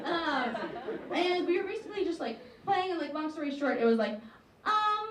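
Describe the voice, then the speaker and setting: Animated young woman doing stand-up. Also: brisk. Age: 20s. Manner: chatty, filler-heavy, jumps into excited high-pitched outbursts. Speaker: stand-up comedian. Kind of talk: stand-up comedy set. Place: university comedy club stage with a live audience. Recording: roomy, distant, faint crowd and noise.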